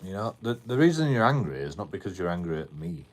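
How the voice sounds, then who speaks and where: Ranting at his livestream chat, a British man swears heavily, repeats himself and keeps a combative tone. He speaks fast in a deep, very animated voice.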